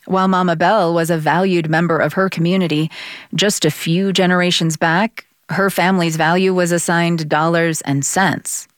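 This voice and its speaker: A measured woman narrator reads her script and poses questions in an interview. Her voice sits on the low side, and the recording is close and dry. She keeps a calm, reflective tone. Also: no echo.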